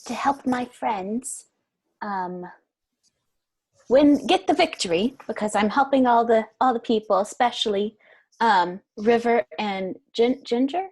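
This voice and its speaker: A woman takes her turn as a player in a tabletop game, thinking aloud in a hesitant way. Her voice is husky and a little high. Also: a little slow, a little mellow.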